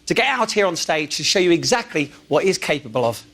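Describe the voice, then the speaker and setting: A man's voice: on the high side, very animated, fast talker, slight background noise. A male host making showman introductions to acts on stage in front of a live audience. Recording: live stage with loud crowd.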